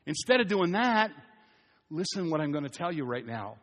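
A man's voice: fairly high pitch, sing-song, moderate pace, a bit bright. A middle-aged man preaching a sermon as pastor in a church, with a conversational, storytelling manner. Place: church hall. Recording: reverberant church hall.

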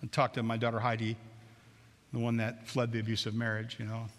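A man's voice: medium pitch, monotone, brisk, fairly bright tone, in a large hall. A middle-aged man, a pastor, preaching a conversational sermon that repeats phrases and acts out prayers. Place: church sanctuary.

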